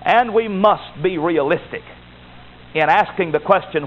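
Preaching emphatically and repetitively, this Baptist pastor builds his sermon into rising exhortations. His voice sits high and moves a little slowly, heard through a tinny, phone-like recording with faint hiss.

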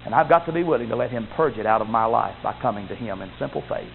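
A man preaching a sermon with emphatic delivery, rising to loud exclamations and dropping to low asides. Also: lively intonation, fast, gravelly, faint music behind. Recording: tinny phone-like sound with faint noise.

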